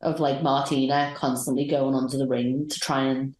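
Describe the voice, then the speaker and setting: A woman's voice: extremely low pitch, little pitch movement, normal speed, darkish tone. A woman co-hosting a podcast, recapping matches in a rambling, enthusiastic chat. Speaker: podcast co-host. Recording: roomy echoey sound.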